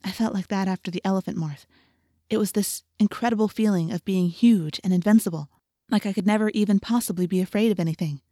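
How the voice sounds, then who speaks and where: A woman reading a first-person audiobook in a steady, intimate storytelling manner. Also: medium pitch, fast, no echo, studio quality. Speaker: audiobook narrator.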